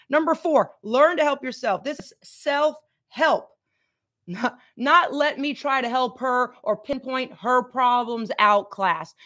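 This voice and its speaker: A woman's voice: fairly high pitch, fairly bright tone. A middle-aged woman giving a motivational coaching talk on a livestream, emphatic and repeating key lines for effect. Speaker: fitness and life coach.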